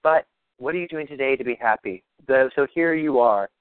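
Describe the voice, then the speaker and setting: Over a phone or call line, a man leads a practitioner call in casual coaching mode, reassuring listeners while meandering and often saying things twice. His mid-range voice is clean and a little fast, and the recording is dry with no room sound.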